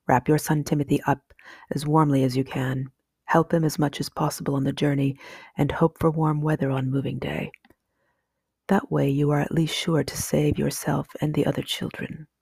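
A woman reading aloud, voicing a wise, stern old male owl who speaks slowly and formally. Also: sits low, little pitch movement, creaky, dark tone, breathy edge, no room sound, clean studio sound, heavily acted. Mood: grave. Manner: slow, grave and formal.

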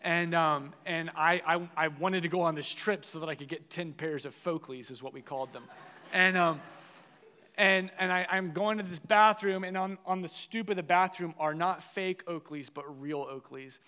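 A young adult man preaching a sermon, telling a personal story in an animated way and acting out the dialogue. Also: fairly high pitch, normal speed, clear, resonant tone. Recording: long reverb of a large hall.

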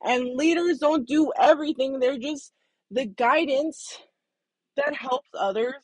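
A woman vlogging, telling a personal story candidly, swinging between hushed asides and loud bursts, with some swearing. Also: high voice, a little slow, no echo. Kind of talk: casual storytelling monologue.

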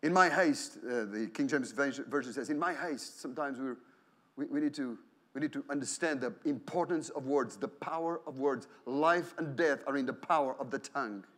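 A male pastor preaching a sermon in church, animated, acting out quoted prayers and inner voices, often repeating and restarting phrases. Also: mid-range voice, moderate pace.

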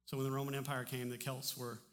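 A man preaching a sermon as pastor, in a relaxed, conversational way with frequent restarts, in a church sanctuary. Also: medium pitch, fast. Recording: long hall reverb.

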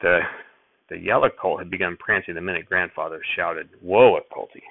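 A man narrating a first-person audiobook chapter in steady storytelling, recorded with tinny phone-like sound. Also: low voice, a little fast, vocal fry, dry recording.

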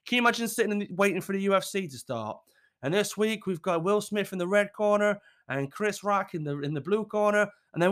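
A British man hosting his channel, chatting casually to his viewers in a jokey, sarcastic and sweary way, with loud outbursts and muttered asides. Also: fairly high pitch, very animated, fast talker. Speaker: channel host.

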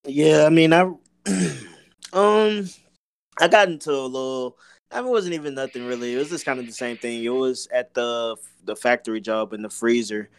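A young man talks loosely with his podcast co-host, swearing freely and calling him bro. His voice is smooth and resonant at a mid pitch. The mic is close and dry. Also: moderate pace, no echo. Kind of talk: casual chat. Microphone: own mic, remote call.

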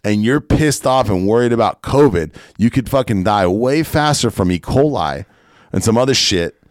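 Low-voiced profane ranting podcast host. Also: male voice, expressive, moderate pace, no room sound, studio quality. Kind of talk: casual opinionated podcast rant.

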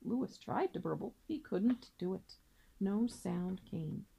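A woman teacher reading a children's book aloud with gentle, steady storytelling. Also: mid-range voice, slow, vocal fry, husky, low-quality recording.

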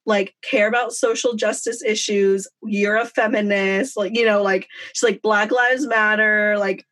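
A woman's voice: mid-range voice, fairly even intonation, unhurried, a bit bright. Rambling young woman chatting. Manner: rambling, heavy on "like" fillers. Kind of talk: casual chat.

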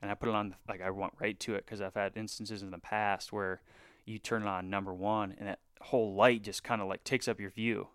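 Smooth-voiced man telling a hunting story. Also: lowish voice, fairly quick, dry recording, studio quality. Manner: animated, filler-heavy retelling with hushed asides. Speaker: bowhunter guest. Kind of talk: casual podcast storytelling.

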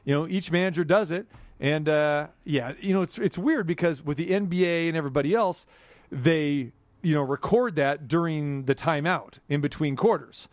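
A male sports talk host with a fairly high voice, joking and rambling in casual studio chat. The sound is close and dry, with no room behind it. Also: normal speed, dry recording. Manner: chatty, jokey, rambling asides. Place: radio studio.

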